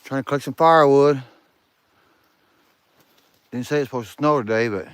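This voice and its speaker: A man's voice: medium pitch, normal speed, clear, resonant tone, dry recording. A man, hosting a casual outdoor livestream and greeting viewers by name, speaking close to his camera outdoors. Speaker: livestream host. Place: outdoors in snow. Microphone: phone or camera held close.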